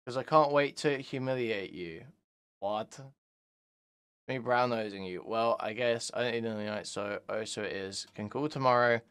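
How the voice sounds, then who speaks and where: A man reading out text messages and commenting on them sarcastically, swinging from mocking shouts to low mutters. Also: normal speed, smooth. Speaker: commentary youtuber.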